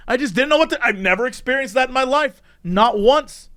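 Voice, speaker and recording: A man's voice: very high-pitched, lively intonation, fairly quick, fairly bright tone. A man co-hosting a podcast, telling a story in casual chat and laughing often as he goes. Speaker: podcast co-host.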